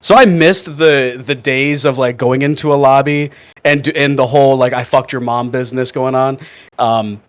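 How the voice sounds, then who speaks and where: A man's voice: medium pitch, normal speed, clean tone. A man chatting casually on a podcast, joking loosely and swearing. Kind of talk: casual chat.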